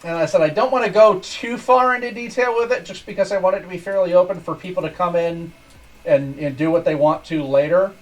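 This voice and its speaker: A man's voice: high-pitched, a little fast, recorded from a distance, low-quality recording. Easygoing man chatting over gameplay. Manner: easygoing, rambling with small restarts. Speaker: streamer. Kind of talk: casual gameplay commentary. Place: at home in a chair at a desk. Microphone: desk microphone.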